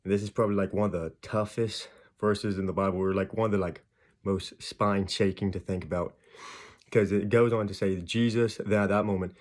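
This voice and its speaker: A man casually retelling and explaining a Bible chapter, acting out the people in the stories with quick voices. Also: on the low side, steady tone. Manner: chatty, retells scenes with quick acted voices. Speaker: Bible video host.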